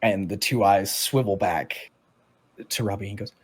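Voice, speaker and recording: Husky-voiced man narrating a tabletop game. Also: on the low side, normal speed. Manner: casual, rambling with many fillers. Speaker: dungeon master.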